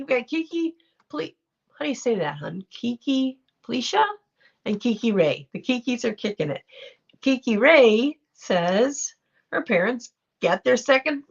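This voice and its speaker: Middle-aged woman, livestream host, unhurried and gravelly, chatty and affectionate, dull home-stream sound. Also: on the high side, sing-song. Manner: chatty, affectionate, reacts to viewer comments. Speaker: livestream host reading chat. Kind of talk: casual livestream chat.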